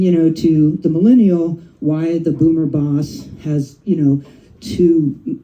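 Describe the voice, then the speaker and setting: A woman's voice: sits low, rough recording. A middle-aged woman doing her first stand-up comedy set, chatty and profane, often tagging lines with "right?" and "you know". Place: comedy club stage. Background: audience laughing and cheering.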